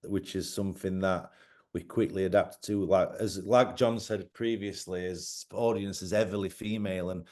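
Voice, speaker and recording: A man on a radio interview, explaining his club night in a relaxed way. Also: sits low, normal speed. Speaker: guest, event organiser.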